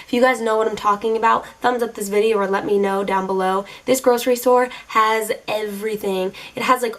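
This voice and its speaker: Sassy woman telling dating stories. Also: fairly high pitch. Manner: animated, exasperated, sassy. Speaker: vlogger. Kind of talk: casual storytelling to camera.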